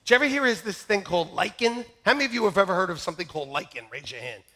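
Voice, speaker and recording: A man preaching a comic storytelling sermon at a church service, animated and breaking into loud joking shouts. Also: high-pitched, rapid-fire, crowd noise. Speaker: pastor.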